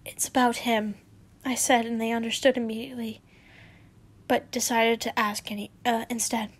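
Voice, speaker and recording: A woman's voice: fairly high pitch, little pitch movement, normal speed, husky. A woman reading fanfiction aloud in a casual way, giggling, swearing and tripping over words as she comments. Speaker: fanfiction reader.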